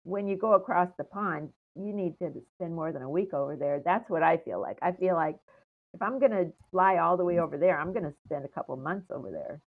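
Soft-spoken woman over a tinny line. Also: on the low side. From United States. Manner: meandering, many ums and trailing pauses. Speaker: interview guest. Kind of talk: casual storytelling interview.

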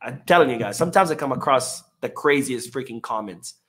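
A man's voice: mid-range voice, expressive, fairly quick, fairly bright tone. A man hosting a casual live-stream podcast, reading chat comments in a loose, chatty way with many fillers.

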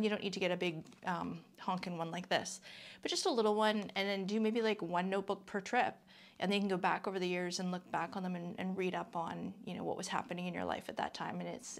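A woman's voice: medium pitch, vocal fry. A middle-aged woman from Canada chatting casually through a product review, full of ums and friendly asides. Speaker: vlogger.

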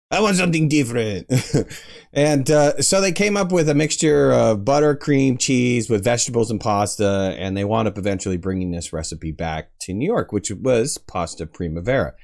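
A man's voice: mid-range voice, expressive, fairly quick, gravelly, a little mellow. A man hosting a casual cooking tutorial, chatty and joking, with self-mocking asides. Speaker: cooking show host.

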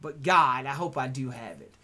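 Animated man telling a story. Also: medium pitch, moderate pace. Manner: animated, acts out quotes, keeps adding "right?". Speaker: podcast host. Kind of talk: casual storytelling chat.

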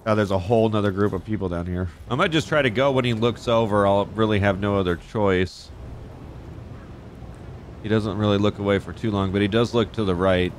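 A man with a fairly low voice riffs through gameplay commentary, swearing freely and getting excitable. He jokes around and talks back at the characters on screen. A faint hiss of noise sits under his voice. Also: fairly quick. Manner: excitable, profane, jokey, talks to game characters. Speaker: gaming YouTuber.

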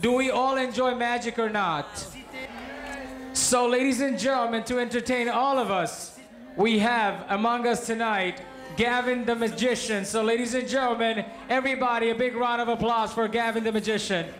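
High-voiced party announcer in echoey hall. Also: male voice, steady tone, normal speed, fairly bright tone. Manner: formal, rousing announcer delivery. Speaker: event host announcer. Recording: echoey hall with music behind.

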